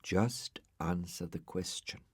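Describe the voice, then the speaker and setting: A cold, grumpy male dog from a storybook, speaking slowly in a clipped, withering way, as a male narrator puts him on. The voice sits low and is recorded close and dry. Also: breathy edge, no room sound, full character voice.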